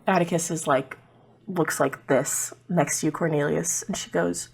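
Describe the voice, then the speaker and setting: Slow-talking woman game master. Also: on the low side. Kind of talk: narrating a tabletop game.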